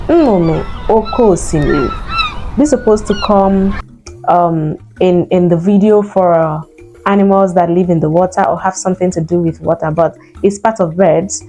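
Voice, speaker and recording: A woman, an Igbo speaker, teaching vocabulary and slowly repeating each word for learners to copy. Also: on the low side, warm tone. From Nigeria. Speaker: language teacher. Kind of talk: vocabulary lesson.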